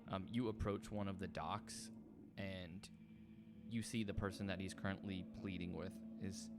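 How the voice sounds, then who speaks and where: A man's voice: low-pitched, fairly even intonation, normal speed. A man narrating a tabletop role-playing game as game master, in a loose, filler-heavy way.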